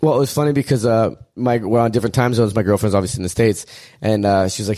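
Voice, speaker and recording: A man's voice: lowish voice, fairly even intonation, very fast, dark tone. A man, a guest and event host, chatting casually on a podcast in a hotel room and telling jokey stories while acting out what others said. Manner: joking storyteller who acts out quoted voices.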